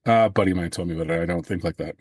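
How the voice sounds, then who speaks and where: A man's voice: low-pitched, rapid-fire, darkish tone. A man co-hosting a podcast, chatting casually and joking. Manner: joking, teasing. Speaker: podcast co-host. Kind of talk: casual chat.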